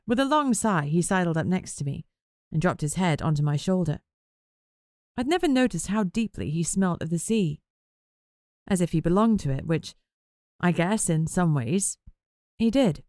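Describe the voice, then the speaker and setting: A woman's voice: fairly low pitch, animated, normal speed, long pauses, darkish tone, no echo, studio quality. A woman narrating a first-person novel in a wry, conversational way. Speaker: audiobook narrator.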